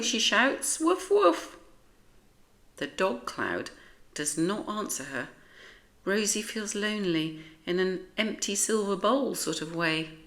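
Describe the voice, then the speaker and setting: A woman with a British accent reads a children's picture book aloud in a gentle, expressive manner. Her fairly low voice rises and falls a great deal, and she takes an unhurried pace. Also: creaky.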